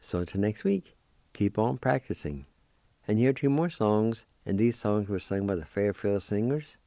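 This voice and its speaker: Speaking expressively in a fairly low, mellow voice with no room sound, a man leads a radio language lesson. He spells words one letter at a time, repeats them slowly, and encourages listeners with patience.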